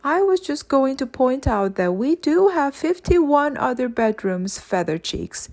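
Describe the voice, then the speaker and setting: A woman's voice: high-pitched, big pitch swings, unhurried, darkish tone, voice pushed up, full character voice. A woman reading aloud and voicing a nervous, polite prince who speaks timidly. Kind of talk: audiobook character voice.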